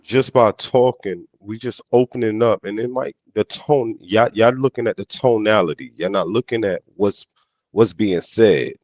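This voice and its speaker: A man's voice: on the low side, moderate pace, a little mellow, no room sound. A man in a casual podcast debate, talking in street slang and often repeating and restarting his phrases.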